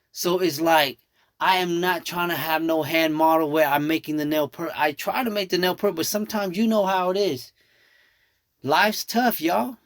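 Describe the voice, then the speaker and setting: A fairly high-voiced man, a nail artist whose first language is Thai, talks viewers through a tutorial in a chatty, animated way, calling them y'all. His voice is close and dry, with no room sound around it. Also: no room sound. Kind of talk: casual storytelling tutorial.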